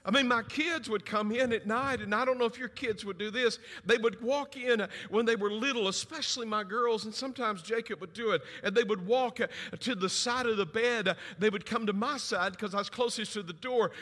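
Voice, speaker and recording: A middle-aged man preaching a sermon, telling stories and acting out family voices with big swings in pitch. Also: fairly quick, few pauses, pushed and bright. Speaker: pastor. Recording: long hall reverb.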